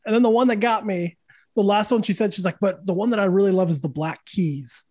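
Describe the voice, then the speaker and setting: Animated, high-voiced man telling a story. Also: fairly quick, no room sound. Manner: animated, swears freely, acts out quoted voices. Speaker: podcast host and guitar teacher. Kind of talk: casual conversational storytelling.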